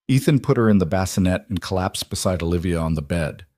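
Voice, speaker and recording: A narrator with a low voice reads a scripted story evenly and without hurry. The recording is close and dry, with no room sound or echo.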